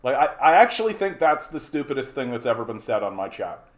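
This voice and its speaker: A man's voice: mid-range voice, very animated, fast talker. A man from Canada hosting a livestream, ranting angrily at his chat, mocking and swearing, often repeating and stumbling over words. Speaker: livestream host. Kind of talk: angry rant to a live chat.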